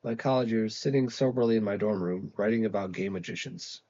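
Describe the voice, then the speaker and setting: A man's voice: on the low side, a little fast, dark tone, highs cut off, close to an everyday voice. A man reading aloud and voicing a stubborn, defensive eighteen-year-old college girl in a storybook. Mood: defiant. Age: young adult. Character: defiant hungover teenage college girl.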